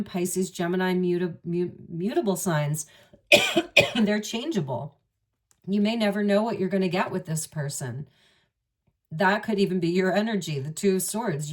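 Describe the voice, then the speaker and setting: A woman's voice: medium pitch, darkish tone, far from the mic. A woman giving a musing, intimate tarot reading, speaking straight to the listener. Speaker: tarot reader. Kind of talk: spoken tarot reading to the viewer.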